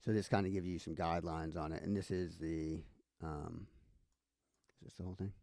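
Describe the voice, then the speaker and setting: A man's voice: low-pitched, fairly even intonation, normal speed, creaky, mellow, dry recording, studio quality. A man giving a casual screen-share tutorial, thinking aloud with many fillers and restarts. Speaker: instructor.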